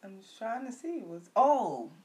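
A woman co-hosting a casual chat, animated and teasing, recapping gossip and news with loud laughs. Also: on the high side, unhurried. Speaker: podcast co-host.

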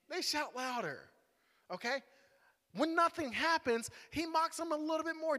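Bright-voiced man preaching in a hall. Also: very high voice, lively intonation, a little fast. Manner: playful, conversational, dramatic. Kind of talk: lively sermon storytelling. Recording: echoey hall.

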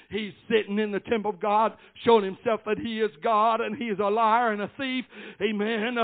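An older man preaching a fervent church sermon, dotting his phrases with amens and rising into shouts. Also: high-pitched, level tone, normal speed, hardly any pauses. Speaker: pastor. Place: church service. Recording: tinny phone-like lo-fi recording.

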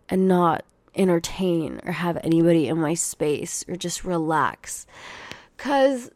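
A woman's voice: on the low side, animated, unhurried, a little mellow, dry recording. A young adult woman hosting her own podcast, chatting casually to listeners and swearing freely as she rants. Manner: profane, ranting, talks straight to listeners. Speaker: podcast host. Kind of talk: casual solo podcast chat.

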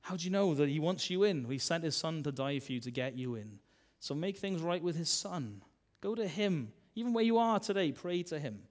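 A man, a minister preaching a sermon in a chatty style, full of tag questions and swings between loud and soft. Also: a little high, expressive, fairly quick, few pauses.

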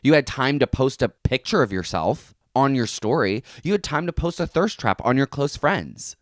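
A man's voice: medium pitch, lively intonation, moderate pace, no echo, studio quality. A young man hosting a casual solo podcast, ranting with exasperation and sarcastic asides. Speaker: podcast host. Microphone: close podcast mic.

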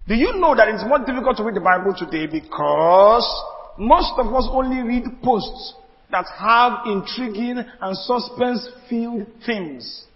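High-voiced pastor preaching in a hall. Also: male voice, lively intonation, measured pace. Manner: preaching with rising emphasis and repetition. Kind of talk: sermon. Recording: dull audio in a reverberant hall.

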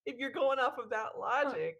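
A woman's voice: a little high, expressive, normal speed, creaky, a bit bright. A woman co-hosting a podcast in casual chat, teasing her co-host with silly trick questions and giggling often.

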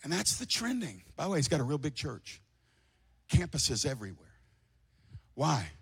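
A man preaching an impassioned sermon to a congregation, swinging from shouting to hushed tones. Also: on the high side, big pitch swings, moderate pace, vocal fry, husky. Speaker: pastor. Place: church before a congregation.

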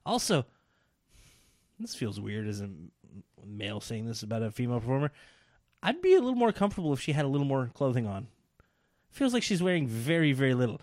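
A man co-hosting a podcast, rambling excitedly with restarts and laughs in casual chat. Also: medium pitch, a little fast, long pauses, dry recording, clean studio sound. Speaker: podcast co-host.

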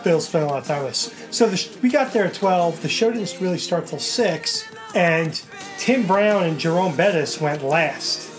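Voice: mid-range voice, expressive, normal speed, soft background music. A co-host in casual chat, recounting the events of a day at length in a conversational way.

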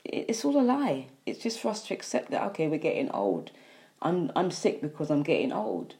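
A woman's voice: sits low, wildly swooping pitch, a little fast, dark tone. A woman giving an earnest, emphatic health monologue, driving her points home with repeated lists. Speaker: health speaker.

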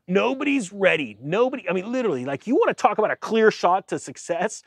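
A man's voice: high voice, sing-song, quick pace, few pauses, no echo, clean studio sound. A man giving a casual, sarcastic rant about the economy, mocking others in silly voices. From United States. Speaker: finance commentator.

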